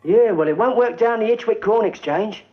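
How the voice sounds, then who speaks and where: A man's voice: high-pitched, moderate pace, close to an everyday voice. A man playing a cocky army corporal. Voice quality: cocky, with slangy talk. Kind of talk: 1950s British film comedy acting. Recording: dull old film soundtrack with hiss.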